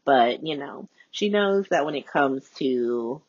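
A woman hosting a casual solo podcast, recapping with chatty, profane asides and big swings in pitch, recorded as phone voice notes. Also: lively intonation, takes it slowly, a little mellow, slightly rough, no room sound. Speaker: podcast host. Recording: dull lo-fi voice note.

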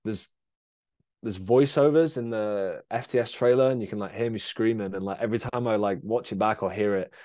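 A lowish, darkish male voice, a little fast, belongs to a young BMX rider guesting in a casual chat. He rambles through a long injury story, swearing heavily and using many fillers, in a dry studio-quality recording.

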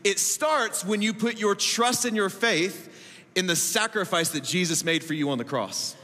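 A man in his thirties preaching a sermon as pastor, emphatic, with laughing asides and big swings between loud and soft. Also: sits high, normal speed. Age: 30s. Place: church auditorium. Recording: echoey hall reverb.

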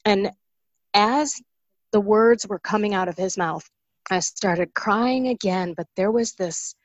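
Woman, 40s, interview guest; earnest, emotional testimony, gravelly low voice. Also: no echo. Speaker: guest sharing a faith story.

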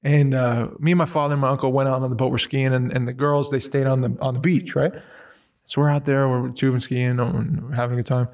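A man's voice: mid-range voice, flat delivery, fairly quick, a little mellow. Rambling man telling stories, slightly distant. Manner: rambling storyteller, many fillers and restarts. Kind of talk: casual conversation.

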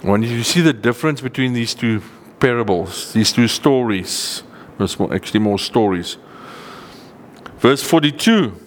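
A man preaching in an earnest, emphatic way, slowing down to read verses aloud and lifting his voice on the points he wants to drive home. His voice has a mid pitch and carries a long, echoing reverb. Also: expressive, a little hiss or hum. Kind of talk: sermon teaching with scripture reading.

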